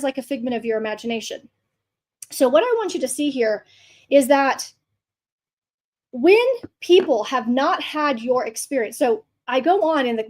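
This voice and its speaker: A woman hosts her podcast with a bright, high voice. She talks bluntly and swears freely. Her monologue is fired-up and full of emphasis. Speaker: podcast host.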